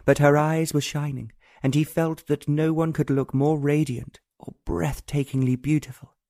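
A man narrating a romance audiobook in an even, unhurried storytelling manner. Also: on the high side, dry recording, studio quality. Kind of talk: scripted narration.

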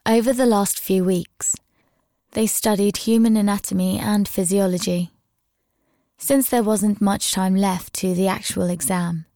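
A woman narrating a scripted audio story with a steady, even reading. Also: medium pitch, dry recording, studio quality.

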